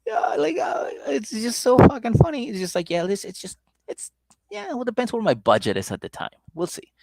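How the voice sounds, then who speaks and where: A man co-hosting a comedy podcast, telling stories casually and jumping into high-pitched impressions. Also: huge pitch swings, brisk, gravelly, a little mellow, no echo, studio quality. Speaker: podcast co-host.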